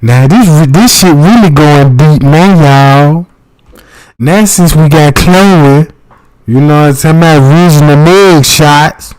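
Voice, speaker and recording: A man, talking loosely into his livestream in a somewhat high voice. He rambles, swears freely and keeps checking that his listeners follow him. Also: measured pace, a little mellow, clean tone. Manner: loose, profane, keeps asking "you know what I'm talking about". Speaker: livestream host. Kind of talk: casual livestream commentary.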